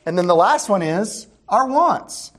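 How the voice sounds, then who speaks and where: A man's voice: sits high, very animated, measured pace, fairly bright tone. A middle-aged man preaches as a pastor in an easy, conversational way. He keeps a dry, humorous edge and often turns to his listeners with rhetorical questions. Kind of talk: sermon.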